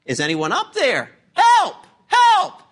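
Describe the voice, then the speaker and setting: A preacher voicing a panicked man hanging from a cliff branch, yelling for help in a much higher, louder voice. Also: wildly swooping pitch, normal speed, heavily acted. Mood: frantic. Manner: frantic yelling.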